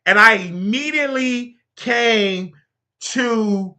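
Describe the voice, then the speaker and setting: Bright-voiced man in a heated rant. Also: extremely high pitch, takes it slowly, clean tone. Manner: heated, theatrical, stammering outrage; addresses a sidekick and the audience. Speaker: show host. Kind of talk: comedic commentary rant.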